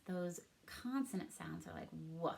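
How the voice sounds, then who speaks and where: A woman teacher leads a recorded reading lesson for her class. She talks at an unhurried, deliberate pace and spells words out letter by letter with patient care. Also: fairly low pitch, expressive, vocal fry, a little mellow.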